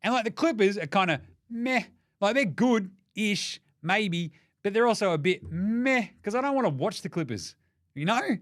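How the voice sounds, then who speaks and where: An Australian man giving a comedic basketball ranking rant, mocking and full of quick jokey asides. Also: high-pitched, expressive, fairly bright tone. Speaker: basketball commentator.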